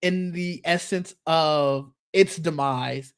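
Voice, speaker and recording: A man's voice: a little high, takes it slowly, clean tone. A man co-hosting a tech podcast, chatting casually and rambling, with frequent restarts and easy laughter. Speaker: podcast co-host.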